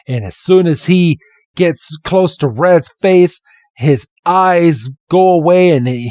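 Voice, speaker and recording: Slow, chatty male podcast host. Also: on the high side, no room sound. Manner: animated, acts out the characters. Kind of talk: casual retelling of a comic. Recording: slightly dull, dry recording.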